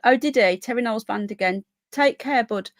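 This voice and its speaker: A woman's voice: fairly high pitch, a little fast, no room sound. Chatty British woman live-streaming. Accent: British English. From Britain. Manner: chatty, rambling, reads results aloud with many fillers. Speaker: livestream host. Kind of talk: casual live-stream chat.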